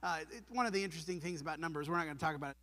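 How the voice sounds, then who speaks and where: A man's voice: on the high side, animated, very fast, pushed and bright. A man preaching a sermon in a church, earnest and emphatic, posing rhetorical questions to his congregation. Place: church sanctuary. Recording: long hall reverb.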